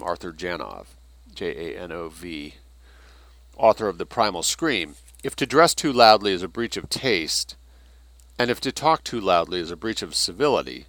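Man reading a book aloud, sharp tone. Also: on the low side, dry recording. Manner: reads passages then adds asides.

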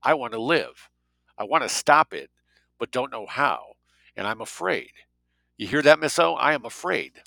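A man voicing a blunt, sardonic male financier in an audiobook, with a gravelly voice. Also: mid-range voice, big pitch swings, measured pace, pauses often, sharp tone, dry recording, voice pushed up, full character voice, low-quality recording. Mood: afraid.

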